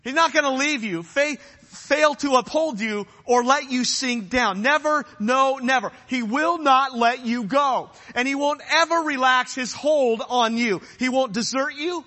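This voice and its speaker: High, bright-voiced preacher man in a hall. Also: a little slow. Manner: earnest, emphatic, repeats phrases for effect. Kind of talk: sermon.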